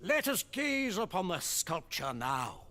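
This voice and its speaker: A pompous high-voiced art patron. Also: male voice, very animated, slow pace, noisy background, full character voice. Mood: grandiose. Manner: grandiloquent, archaic phrasing. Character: pompous aristocratic male art patron, theatrical and easily offended. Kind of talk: video game voice acting.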